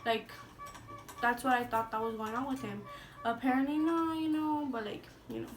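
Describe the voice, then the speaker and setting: Faint music plays behind this young woman, a beauty vlogger chatting through a storytime at normal speed. Her fairly high voice holds a fairly even intonation while she curses freely, says "like" constantly, and tosses in Spanish slang, all from a little way off the mic.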